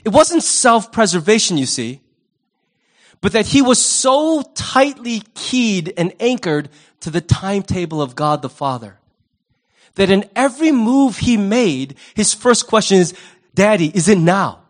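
Animated, high-voiced male preacher. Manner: animated and humorous, acting out quick voices; conversational, asks the audience questions. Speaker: pastor. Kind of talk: sermon.

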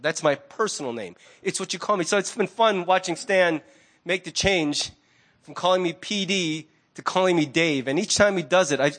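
A man, a pastor, preaching a sermon in a conversational, animated way. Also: high voice.

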